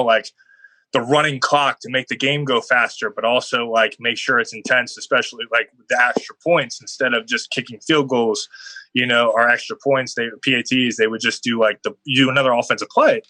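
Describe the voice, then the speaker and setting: A young man with a bright, forceful voice tells stories in a loose, rambling way, filling his sentences with "like." The sound is dry and close, with no room around it. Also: mid-range voice, brisk, dry recording, rough recording. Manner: rambling, heavy on "like" fillers, animated storytelling. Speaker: guest football player. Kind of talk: casual podcast interview.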